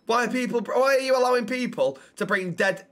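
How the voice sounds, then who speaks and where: High-voiced brash Englishman. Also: fairly bright tone. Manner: brash, profane, quick to insult. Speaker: streamer. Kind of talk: in-game role-play banter.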